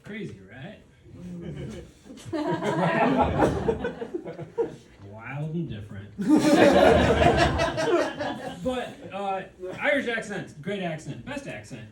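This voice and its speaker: A man's voice: sits high, wildly swooping pitch, drawn-out words, long pauses, over a noisy crowd. A young man from the United States doing a stand-up comedy set, hesitant with many fillers and chuckling at his own jokes. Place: comedy venue with live audience. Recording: echoey room, distant mic, noisy.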